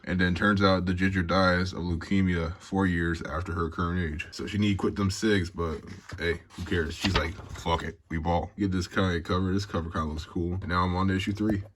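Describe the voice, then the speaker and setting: A man with a deep, low voice recaps a comic book in a casual, profane way. He jokes and laughs through quick asides as he goes. A faint hiss of noise sits under the recording. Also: fairly even intonation.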